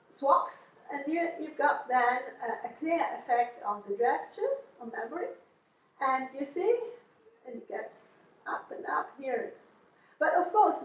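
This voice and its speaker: Echoey, distant woman lecturing, conversational. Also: on the high side. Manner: conversational and explanatory, with many fillers and restarts. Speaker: researcher giving a seminar lecture. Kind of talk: academic lecture. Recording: echoey room, voice from far off.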